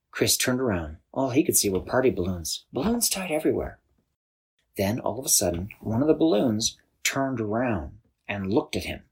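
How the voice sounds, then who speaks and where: Breathy guy making up a bedtime story, voice bounces all over, loose and chatty. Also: medium pitch, normal speed. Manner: animated, loose, with restarts. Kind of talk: improvised bedtime story narration.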